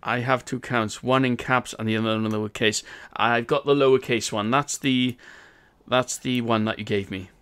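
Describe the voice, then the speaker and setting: A man's voice: mid-range voice, steady tone, moderate pace, a bit bright, clear, resonant tone. Chatty Welsh man streaming a game. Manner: chatty, upbeat, laughs often. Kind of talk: casual live-stream chat.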